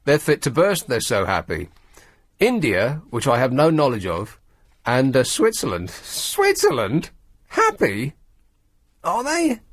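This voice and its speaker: A man holds forth on talk radio with a sardonic, grumbling wit. His pitch swoops lively up and down as he mocks his subject. The studio sound is dry and close. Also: unhurried, no room sound. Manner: sardonic, grumbling, mocking asides. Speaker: radio show host. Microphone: studio microphone.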